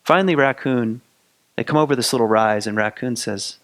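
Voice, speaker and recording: A man's voice: mid-range voice, a little fast, fairly bright tone. A man hosting a spiritual podcast, retelling a folktale in a casual, rambling way full of fillers and restarts. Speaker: podcast host. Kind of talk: spoken storytelling of a folktale.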